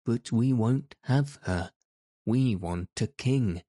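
A man's voice: fairly low pitch, fairly even intonation, slow pace, mellow, no room sound, clean studio sound. A man doing scornful, demanding roses. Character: haughty chorus of rebellious roses.

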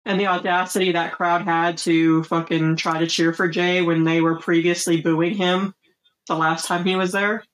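A woman's voice: fairly low pitch, little pitch movement, normal speed, rough recording. A woman co-hosting a podcast, chatting casually with short, blunt replies and playful swagger. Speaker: podcast co-host. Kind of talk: casual chat recapping wrestling shows.

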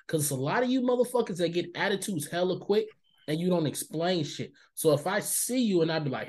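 A man's voice: high-pitched, animated, a little fast. A man co-hosting a podcast, ranting bluntly and with heavy profanity in casual chat. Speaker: podcast co-host.

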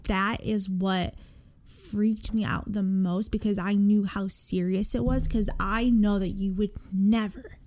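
A woman co-hosting a podcast, casually recounting a frightening event in an emphatic, expressive way. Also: medium pitch, unhurried. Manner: emphatic, expressive, swears freely. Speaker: podcast co-host. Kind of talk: casual storytelling chat.

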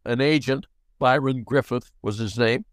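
Older male storyteller, lively, voices each character, dry close sound. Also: mid-range voice, moderate pace, dry recording. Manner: animated, acts out dialogue in quotes. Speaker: guest actor. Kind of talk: anecdotal storytelling.

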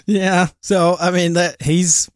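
A man's voice: high voice, flat delivery, slow, no echo. A man co-hosting a casual sports podcast, talking loosely with profanity and frequent laughs. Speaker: podcast co-host.

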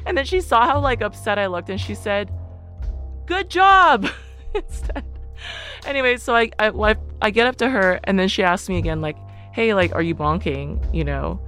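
Woman, guest, personal storytelling, chatty, laughs a lot, medium pitch. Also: brisk, hardly any pauses, fairly bright tone, faint music behind. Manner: chatty, laughs often, lots of "like".

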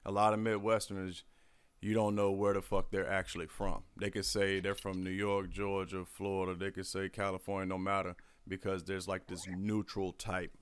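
A man co-hosting a podcast, talking in loud, profane, laughing banter. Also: sits low, little pitch movement, normal speed, clean tone, no room sound. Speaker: podcast co-host. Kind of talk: casual chat.

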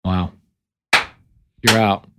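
A man's voice: low voice, fairly even intonation, extremely slow, very noisy. A man who is a guest on a podcast about real estate investing, talking emphatically and repeating himself for emphasis. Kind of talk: casual podcast conversation.

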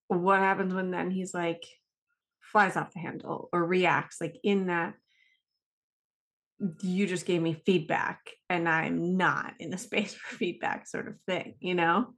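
A woman's voice: lowish voice, little pitch movement, takes it slowly, a bit bright. A middle-aged woman hosting a podcast, sharing a personal story in a chatty way with many fillers. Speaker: podcast host. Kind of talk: podcast interview.

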